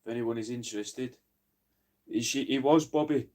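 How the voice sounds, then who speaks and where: A man's voice: mid-range voice, normal speed, darkish tone. A man in casual livestream chat, rambling, joking and swearing while he lists crafts for sale.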